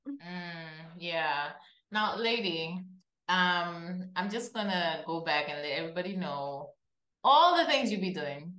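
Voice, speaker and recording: Slow-talking woman host, echoey room. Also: fairly low pitch, lively intonation, a bit bright. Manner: chatty and playful, addresses listeners directly. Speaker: podcast host. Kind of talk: casual interview chat.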